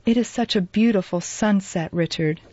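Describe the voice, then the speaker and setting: Woman reading a shy sorry young woman, soft and kind, dull dry lo-fi audiobook sound. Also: mid-range voice, moderate pace, no room sound, lightly acted. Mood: gentle. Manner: soft, kindly, hasty when pressed. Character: young woman, timid and remorseful.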